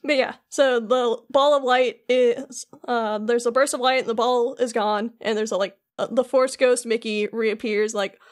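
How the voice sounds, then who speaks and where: A woman's voice: a little high, normal speed, hardly any pauses. A young woman co-hosting a podcast, chattily recapping a video game with lots of fillers. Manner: animated, chatty, full of "like". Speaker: podcast co-host. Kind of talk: casual chat, recapping a game.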